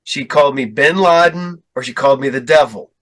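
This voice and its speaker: A man telling a story in casual podcast chat, acting out quotes with big jumps in pitch. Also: a little fast, fairly bright tone. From Ohio. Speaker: podcast guest.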